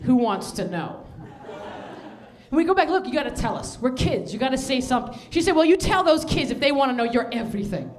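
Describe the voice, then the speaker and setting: A woman comedian telling a stand-up story, with laughing asides and shouted punchlines. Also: high voice, animated, fast talker, few pauses.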